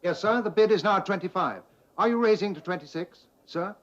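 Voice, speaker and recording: An actor playing an auctioneer, calling bids in a measured, formal, steady manner. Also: male voice, high voice. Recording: dull 1970s TV sound with music.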